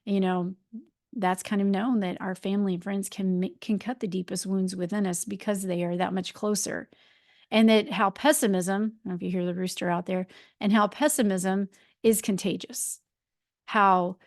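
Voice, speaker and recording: A woman's voice: medium pitch, darkish tone, no room sound, clean studio sound. Chatty woman in her forties. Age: 40s. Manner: chatty, rambling with many fillers and restarts. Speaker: podcast host and life coach. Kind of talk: casual solo podcast talk.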